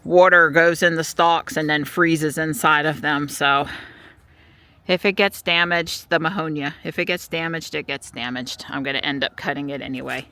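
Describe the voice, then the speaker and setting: A woman chatting casually in a vlog outdoors in her yard, recorded on a small handheld camera and breaking into a high sing-song voice when she calls her pets. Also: fairly even intonation, moderate pace, bright, forceful tone. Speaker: vlogger.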